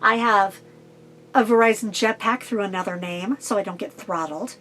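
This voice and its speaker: A middle-aged woman vlogger answering viewer questions about her life on the road, talking fast and getting straight to the point. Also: mid-range voice, a bit bright, a little hiss or hum. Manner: fast, to-the-point talker who cuts out filler. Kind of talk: casual direct-to-camera Q&A.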